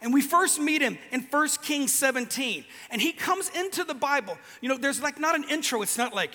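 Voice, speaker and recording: A man's voice: extremely high pitch, animated, normal speed, hardly any pauses, bright, forceful tone, big-room sound. A man preaching a casual, joking sermon, telling stories with many restarts, in a large event venue.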